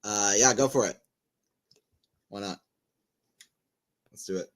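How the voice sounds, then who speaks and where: A man's voice: lowish voice, takes it slowly. A man giving casual live play-by-play tennis commentary, chatting and rambling between rallies and lifting his voice on big points.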